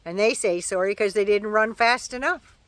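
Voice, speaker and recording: A woman's voice: mid-range voice, normal speed, fairly bright tone, no room sound. An older woman chatting casually to camera outdoors at home, folksy and opinionated with dry asides. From Canada. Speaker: vlogger.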